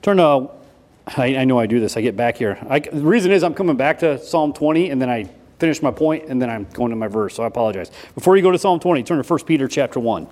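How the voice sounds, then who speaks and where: A man preaching a sermon in a folksy, repetitive way, switching between loud emphasis and quiet asides. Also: mid-range voice, animated, quick pace. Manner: folksy, repeats himself with restarts.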